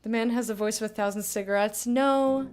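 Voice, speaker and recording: Fairly quick and a little mellow, this young woman's slightly high voice holds a steady tone over faint background noise. She's a first-time player giving chatty let's-play commentary, often starting her sentences over and teasing herself.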